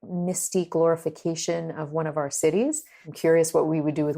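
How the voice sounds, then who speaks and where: A woman's voice: low voice, level tone, brisk, few pauses, warm tone. A woman from Canada co-hosting a podcast, chatting casually about a film and acting out the people she quotes. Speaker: podcast co-host.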